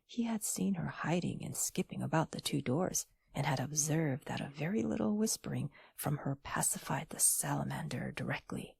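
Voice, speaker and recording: A low, husky woman's voice narrates a classic tale in soft whispery audiobook style. Her tone is gentle and hushed with creaky, breathy edges. The sound is dry and close. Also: lively intonation, moderate pace, few pauses, no echo.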